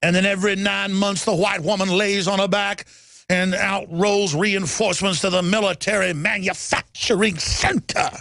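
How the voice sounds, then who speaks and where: A man's voice: high-pitched, steady tone, moderate pace, gravelly, sharp tone, no room sound, studio quality, heavily acted. A man doing an impression of a fiery male orator ranting to a crowd, drawn out and declaiming. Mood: menacing.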